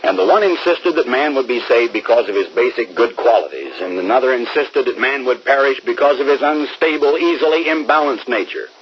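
A man's voice: mid-range voice, animated, slight background noise. Emphatic male radio preacher, muffled broadcast. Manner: emphatic, slowing words down for stress. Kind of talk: radio sermon.

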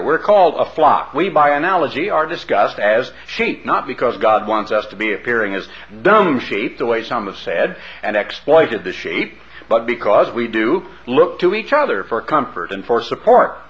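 A man's voice: mid-range voice, a bit bright. A man preaching a sermon, mixing scripture with folksy asides and pointed questions to the congregation. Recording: dull lo-fi recording.

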